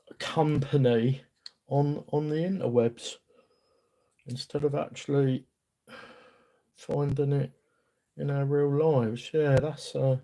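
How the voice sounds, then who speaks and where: Slow, gravelly London-accented man. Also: mid-range voice, darkish tone, a little hiss or hum. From England. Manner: rambling, chatty, self-deprecating, talks to viewers while working. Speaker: streamer. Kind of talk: casual live-stream chat while working on a workbench.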